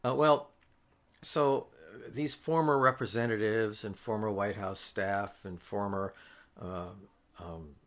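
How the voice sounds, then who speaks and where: A man's voice: fairly low pitch, steady tone, slow, a bit bright. A middle-aged man giving a recorded political science lecture, walking through slides with frequent fillers and restarts.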